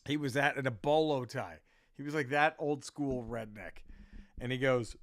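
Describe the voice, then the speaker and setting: A man's voice: medium pitch, normal speed. A man, a comedian, telling a story casually in a rambling, profane way, with many restarts.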